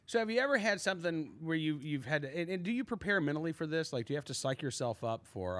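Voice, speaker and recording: A man hosting a talk show from a broadcast studio, his pitch rising and falling with lively swings. He chats easily and pokes fun at himself while he questions his guest. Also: fast talker, hardly any pauses. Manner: chatty, self-deprecating, animated. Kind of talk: studio interview chat.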